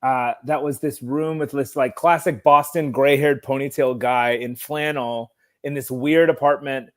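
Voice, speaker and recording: A man's voice: mid-range voice, steady tone. A man chatting casually, telling a rambling anecdote with plenty of fillers. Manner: chatty, rambling, with quick reactions and laughs. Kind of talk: casual chat.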